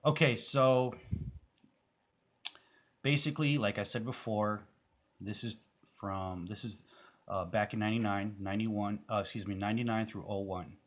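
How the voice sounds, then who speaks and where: A man's voice: fairly low pitch, moderate pace, long pauses. A man giving casual, rambling commentary on a music video, full of fillers and restarts.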